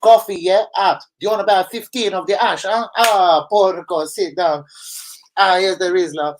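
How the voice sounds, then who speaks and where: A man's voice: sits high, steady tone, normal speed, recorded from a distance, a little hiss or hum, voice pushed up, lightly acted. A man putting on a pushy Italian cafe owner. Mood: pushy welcoming. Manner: exaggerated Italian-ish caricature, eager.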